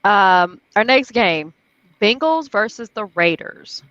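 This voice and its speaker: A woman running the game picks on a casual sports show, brisk and teasing. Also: mid-range voice, animated, a bit bright, no echo, muffled recording.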